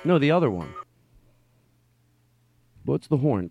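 Rambling excitable male podcast host. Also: medium pitch, moderate pace, soft background music. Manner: rambling, excitable, swings from yelling to quiet. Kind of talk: loose comedic podcast talk. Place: studio. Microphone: studio mic.

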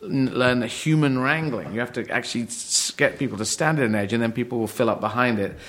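A man's voice: medium pitch, brisk, fairly bright tone. A middle-aged man from England, a comedian in casual podcast chat, rambling and laughing as he talks, restarting his sentences often. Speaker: comedian guest.

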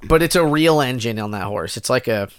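A man's voice: medium pitch, expressive, a little fast, clean tone, no room sound. A man co-hosting a casual chat, joking and rambling and laughing often. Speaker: podcast co-host.

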